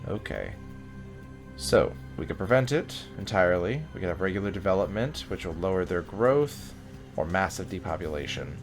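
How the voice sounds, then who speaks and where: A man with a low voice talks through a strategy game, joking and weighing his choices aloud. His delivery is chatty and relaxed. Soft game music plays in the background. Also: moderate pace. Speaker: gaming video host. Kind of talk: let's play commentary.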